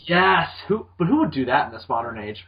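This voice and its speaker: Guy on a podcast, kinda high voice, rambly and jokey, dull lo-fi audio. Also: very animated, a little fast. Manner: rambling with many ums, swearing, jokey voices. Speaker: podcast co-host. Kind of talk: casual movie chat.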